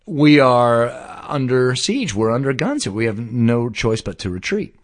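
A man voicing a startled British general who sees enemy guns overnight, speaking slowly and in shock. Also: mid-range voice, sing-song. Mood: dismayed. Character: startled British general, male, grown, stiff and dismayed.

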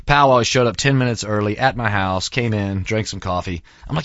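A middle-aged man hosting a show, talking in a loose, excitable way and saying "man" and "dude" a lot. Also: fairly low pitch, brisk, no room sound. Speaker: show host. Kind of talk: casual monologue. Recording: dull dry lo-fi sound.

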